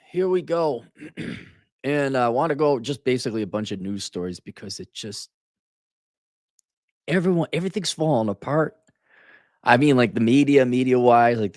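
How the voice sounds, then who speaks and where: A man's voice: mid-range voice, darkish tone, no room sound, clean studio sound. A tired man hosting a solo podcast, ranting with sarcasm and profanity. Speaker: podcast host. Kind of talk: casual solo podcast rant.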